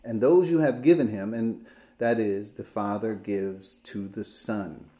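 A man preaching a sermon, teaching through Bible verses point by point with slow emphasis. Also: fairly low pitch, dark tone.

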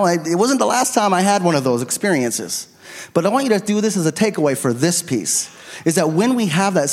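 A middle-aged man preaching a sermon as a pastor, telling a personal story in an earnest, confessional way, on a handheld microphone. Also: on the high side. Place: church sanctuary. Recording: long reverb of a church hall.

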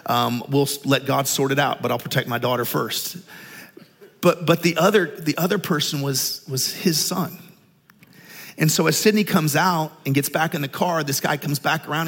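A man's voice: medium pitch, vocal fry, husky. Fifty-year-old man preaching in an echoing church. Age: 50s. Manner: energetic, conversational, animated with rising intensity. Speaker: pastor. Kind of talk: sermon storytelling. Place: church sanctuary. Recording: church hall with long reverb.

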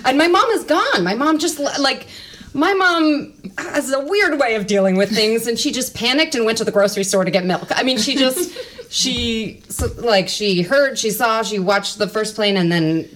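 Guesting on a podcast, a thirty-something woman with a slightly high voice at normal speed recounts something from her own life. She laughs a lot, swears without hesitation, and plays out the dialogue.

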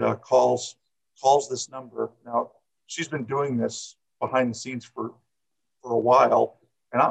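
A man's voice: mid-range voice, gravelly, breathy edge, poor audio. A middle-aged man who coaches, telling a personal story in an interview, rambling and repeating words with many fillers.

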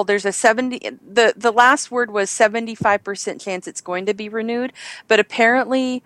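A woman's voice: on the high side, fairly even intonation, normal speed, fairly bright tone, dry recording. Chatty woman, dry close sound. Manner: enthusiastic, rambling with fillers. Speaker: host. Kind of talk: casual entertainment news chat.

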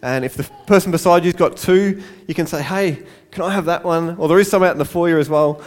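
High-voiced man preaching a sermon. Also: brisk. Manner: light-hearted, self-deprecating asides. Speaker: pastor.

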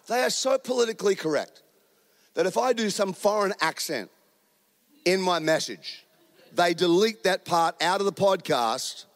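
This guest preacher is a middle-aged Australian whose voice sits fairly high. He preaches with animation and humor, dropping quick asides as he tells stories.

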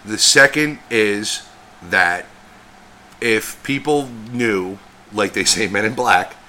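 Profane, bright-voiced male podcast co-host. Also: on the low side, takes it slowly, slight background noise. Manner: profane, rambling and animated. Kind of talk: casual podcast chat.

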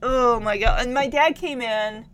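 A woman telling stories casually to camera, animated and emotional, breaking into laughs and sighs. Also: a little high, measured pace. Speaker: vlogger.

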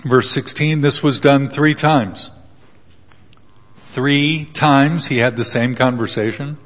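A man's voice: mid-range voice, slow, a bit bright. A man preaching a sermon in a casual, joking way, retelling Bible passages with little acted quotes. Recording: long hall reverb.

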